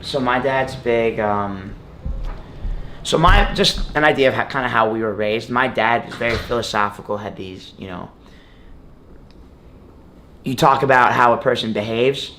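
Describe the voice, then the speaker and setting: A young man in his twenties tells a long story in a relaxed sit-down interview. He rambles, restarts often and fills the gaps with "like" and "you know." His pitch sits in an ordinary middle range. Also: normal speed, long pauses, slight background noise. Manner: rambling, filler-heavy storytelling with many "like"s. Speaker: guest wrestler. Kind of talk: casual interview.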